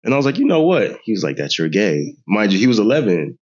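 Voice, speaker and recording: A man in his thirties, a podcast guest, retelling a family story in a casual, animated way, mimicking others' voices and laughing often. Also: deep voice, fast. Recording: dull lo-fi sound.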